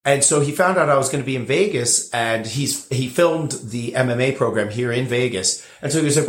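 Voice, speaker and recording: A man's voice: mid-range voice, brisk, hardly any pauses. Rambling man with roomy echo. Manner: rambling, many fillers and restarts. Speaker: podcast guest, casino bartender. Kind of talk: casual interview storytelling.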